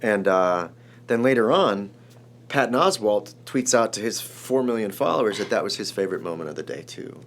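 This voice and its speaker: Screenwriter guest, man, forties, from Chicago, low voice, excitable storyteller who restarts sentences. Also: moderate pace, slight background noise. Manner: animated, rambling storyteller, restarts often. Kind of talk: emotional storytelling in an interview.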